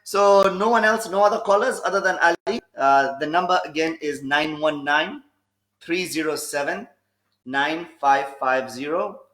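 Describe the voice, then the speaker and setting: A man co-hosting a casual podcast livestream, switching between English and Swahili and reading out viewer comments in a relaxed way. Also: on the high side, normal speed. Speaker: podcast co-host and DJ. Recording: echoey room.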